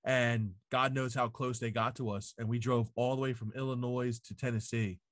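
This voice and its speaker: A man chatting casually in his home basement keeps his tone level and his pace moderate while telling a profane, "like"-filled story. His pitch is an ordinary middle one, and the audio is dry and close with no room echo.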